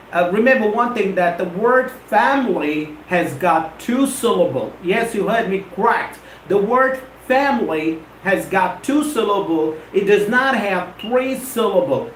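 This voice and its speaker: A man teaches a live-stream lesson in a rather high voice. He talks straight to his viewers and repeats words over and over to drill them. The sound is roomy and echoey, with a faint hum of ambience behind. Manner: repetitive, drilling pronunciation, addresses viewers directly.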